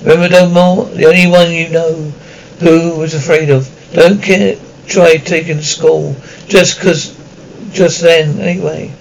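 A big, gruff giant of a groundskeeper rambles on in a folksy, halting way, circling back to restart his words, as a man reads him aloud. The storybook voice sits a touch high. Beneath it runs a faint hiss. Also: little pitch movement, low-quality recording. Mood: grave. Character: huge gruff kindly male giant groundskeeper. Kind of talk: audiobook character reading.

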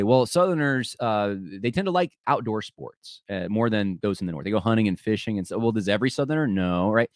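Low-voiced man musing in a dry room. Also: darkish tone, dry recording. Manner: thinking aloud, rambling with frequent restarts; conversational, addresses listeners directly. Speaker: podcast host. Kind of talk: solo commentary podcast.

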